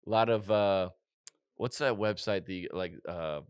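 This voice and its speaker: A man's voice: sits low, unhurried, clear, resonant tone, no room sound. Rambling joking male podcast host. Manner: rambling, joking, self-correcting. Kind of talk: casual comedic chat.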